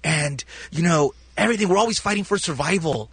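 A man's voice: on the high side, expressive, a little fast, a bit bright, breathy edge, dry recording. A man on a radio show telling a rambling story with lots of stumbling restarts. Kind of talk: casual storytelling on air.

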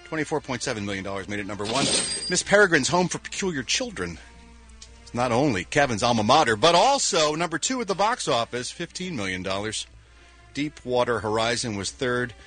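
A man's voice: mid-range voice, sing-song, fairly quick, fairly bright tone, soft background music. A man reading showbiz news on a morning radio show, wry and sarcastic, with punchy lines and mumbled asides.

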